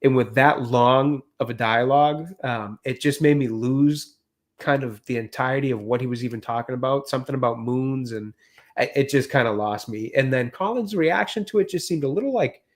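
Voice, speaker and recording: A man's voice: medium pitch, moderate pace. A man co-hosting a film podcast, giving his view in a hesitant, hedging way. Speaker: podcast co-host. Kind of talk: casual film review chat.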